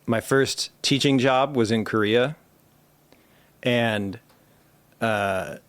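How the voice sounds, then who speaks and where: A man hosting a podcast, casually pitching joke ideas and telling stories from his own life. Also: extremely slow, a bit bright, dry recording. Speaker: podcast host. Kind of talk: casual chat.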